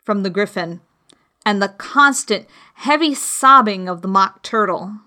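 A woman reading a children's classic aloud as the narrator, slow and clear. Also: mid-range voice, animated, noisy background. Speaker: audiobook reader. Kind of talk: storybook narration.

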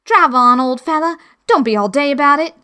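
A woman voicing a male griffin, a rough-spoken, chuckling creature who talks briskly in broken grammar. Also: sits high, animated, bright, forceful tone, pitched above the performer's own voice. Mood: gruffly amused. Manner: brisk, ungrammatical, rough speech.

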